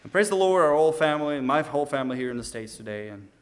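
A man's voice: fairly high pitch, animated, very fast. A young man from Ukraine, telling a personal testimony in an earnest, casual way and acting out the dialogue. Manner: earnest, frequent restarts, acts out quoted dialogue. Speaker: storyteller giving testimony.

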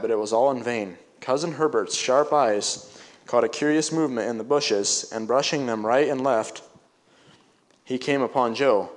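Man, story reader, reading aloud, stops to explain in plain words, middle pitch.

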